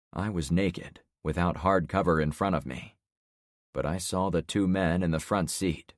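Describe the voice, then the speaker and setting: Deep-voiced male audiobook narrator. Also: no echo, clean studio sound. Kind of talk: scripted first-person narration.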